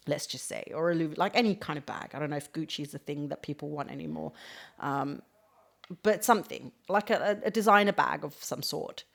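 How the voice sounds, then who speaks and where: A young woman hosting a podcast, talking casually and candidly about prayer, laughing often and using lots of fillers. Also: lowish voice. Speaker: podcast host. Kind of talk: casual faith talk.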